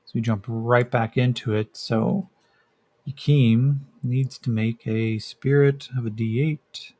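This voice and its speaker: A man's voice: mid-range voice, steady tone, takes it slowly, darkish tone. A man narrating a solo tabletop role-playing game as game master, casual and hesitant with many fillers.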